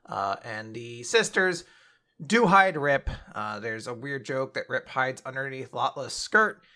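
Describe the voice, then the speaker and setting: A man's voice: mid-range voice, animated, a little slow, pushed and bright. A man casually recapping a manga chapter as a podcast co-host, rambling and laughing often.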